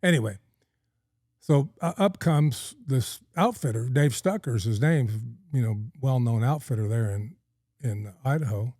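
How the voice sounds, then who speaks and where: In this dry, clean studio recording, a middle-aged man from California spins a long, rambling podcast story in a folksy manner, dropping plenty of ums and uhs. He speaks unhurriedly in a mellow, mid-range voice.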